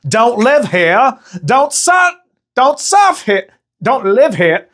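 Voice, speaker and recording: A man's voice: high voice, expressive, slow, voice pushed up. A man voicing hostile male surfer locals in a mock Australian accent that comes out like an old-time gangster. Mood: taunting.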